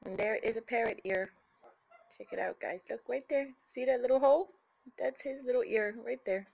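A woman talking baby talk to her pet bird at home, cooing and sometimes dropping to soft whispers. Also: fairly high pitch, normal speed, gravelly, slightly rough.

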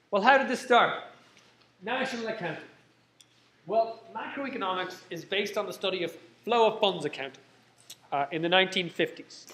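High-voiced male lecturer, chatty. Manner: joking asides, repeats key points, frequent "okay?". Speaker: university lecturer. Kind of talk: live lecture.

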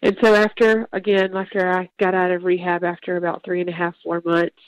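A young woman tells her personal testimony. She speaks earnestly and haltingly, pausing and restarting as she goes. The sound is dry and close, with no room echo. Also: on the low side, level tone. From Georgia, US. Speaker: guest telling her testimony.

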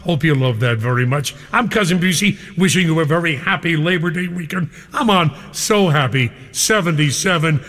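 A man's voice: fairly high pitch, animated, moderate pace, hardly any pauses, a bit bright, big-room sound. Exuberant older man hosting radio. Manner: exuberant, chummy, playful banter. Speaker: radio disc jockey. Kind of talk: live radio show hosting.

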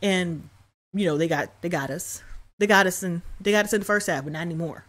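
A young woman talks through a TV episode in a loose, animated reaction style, full of slang and quick laughs. Her voice sits a little low for a woman. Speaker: YouTube reaction host. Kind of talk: casual reaction commentary.

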